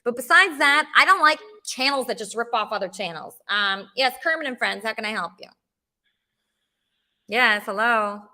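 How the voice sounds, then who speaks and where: A woman's voice: on the high side, normal speed, pushed and bright. A woman hosting a call-in show, talking bluntly and rambling in casual chat. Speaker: podcast host.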